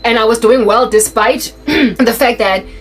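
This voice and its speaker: Animated South African woman telling stories. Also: on the high side, measured pace, faint music behind, poor audio. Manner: animated, mixes in Sesotho phrases, restarts often. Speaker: storyteller. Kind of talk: casual personal storytelling.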